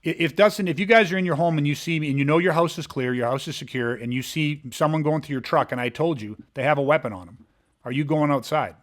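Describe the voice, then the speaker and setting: A man's voice: fairly high pitch, quick pace. Podcast co-host, man, questions the listener with hypotheticals to make a point. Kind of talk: casual discussion.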